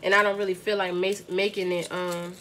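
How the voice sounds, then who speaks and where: Cooking dinner in her home kitchen, this Bronx family vlogger talks casually to her viewers and laughs a lot. She speaks fairly quickly in a fairly low, slightly bright voice with little pitch movement, over slight background noise.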